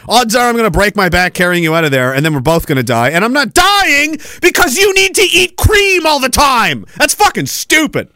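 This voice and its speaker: A man's voice: high voice, sing-song, a little fast, few pauses, sharp tone, no echo. A man hosting a podcast, delivering a crude, profane, mocking rant. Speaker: podcast host. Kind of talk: ranting commentary.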